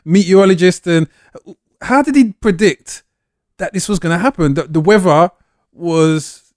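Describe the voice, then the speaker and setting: A man chats in a wry, easygoing way as a podcast co-host. His voice sits a little high for a man. The sound is close and dry. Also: measured pace, no room sound. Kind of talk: casual chat.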